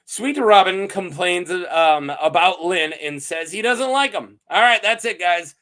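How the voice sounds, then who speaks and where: A man casually recapping fantasy story lore, playful and quick to laugh, with lots of fillers. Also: high-pitched. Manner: playful, animated, laughs often, many fillers. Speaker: host of a fantasy lore channel.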